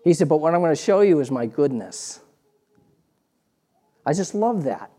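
A man preaching a sermon in a conversational, storytelling way, restarting phrases and swinging from quiet asides to emphatic points. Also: a little high, expressive, moderate pace.

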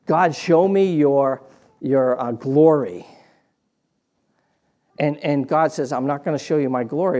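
In a fairly high voice, a man delivers a sermon like he's telling a story, often restarting phrases. He swings between quiet asides and emphatic points.

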